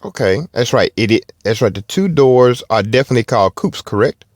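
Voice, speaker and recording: A man with a Southern accent hosting a car podcast, talking in a folksy, halting way with restarts. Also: medium pitch, lively intonation, no room sound, clean studio sound. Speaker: podcast host. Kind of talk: casual podcast talk.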